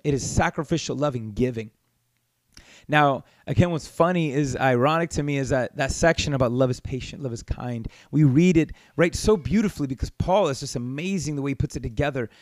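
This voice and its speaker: A man preaching with rising passion, his fairly high voice swinging between quiet reflection and emphatic scolding. The sound is dry and close, with no room around it. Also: dry recording. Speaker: pastor. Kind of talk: sermon.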